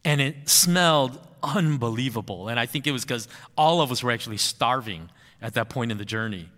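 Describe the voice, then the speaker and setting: A man, a pastor, preaching a sermon, who slows right down and draws out key phrases for emphasis. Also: mid-range voice, animated, a bit bright, big-room sound.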